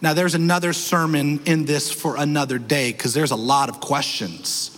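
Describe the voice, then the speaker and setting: High-voiced preaching man in echoing hall. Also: steady tone, moderate pace, a bit bright, slight background noise. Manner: emphatic preaching with wide swings of pitch and pace. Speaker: pastor. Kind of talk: sermon. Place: church sanctuary.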